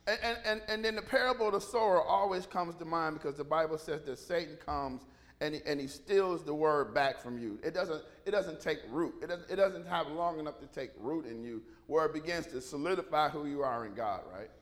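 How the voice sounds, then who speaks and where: A man's voice: a little high, fairly quick. A male pastor preaching a sermon, telling the story with animation and many restarts.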